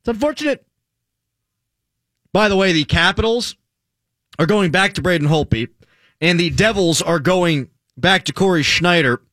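A man hosting a sports talk radio show, sarcastic and animated, reading stats with mock drama in casual banter. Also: high voice, moderate pace, long pauses, no room sound, studio quality.

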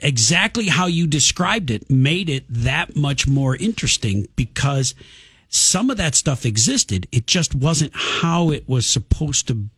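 Male co-host, husky voice, a bit high, enthusiastic chatter. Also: very animated, a little slow, fairly bright tone, dry recording. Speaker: radio co-host. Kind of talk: casual radio talk.

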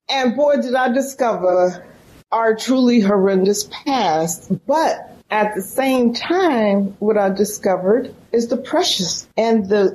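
A woman's voice: a little high, darkish tone, slight background noise. A middle-aged woman from San Francisco, a professor telling an emotional story as a guest in an interview. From San Francisco, California.

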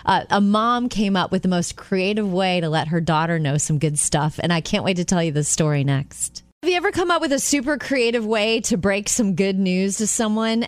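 Animated female radio co-host. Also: lowish voice, dry recording. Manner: animated storyteller, acts out quoted voices. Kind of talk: morning radio chat and storytelling.

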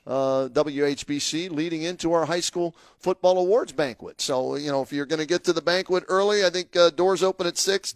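A man's voice: fairly high pitch, no room sound. A man co-hosting a local radio sports show, talking in an upbeat, promotional way with lots of fillers. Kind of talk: casual radio talk.

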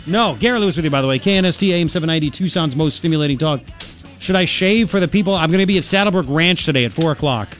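A man in his forties hosting a talk radio show, joking with his co-host and telling animated stories between political commentary. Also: a little high, very fast, soft background music. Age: 40s. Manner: joking, teasing, animated storytelling. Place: radio studio. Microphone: studio mic.

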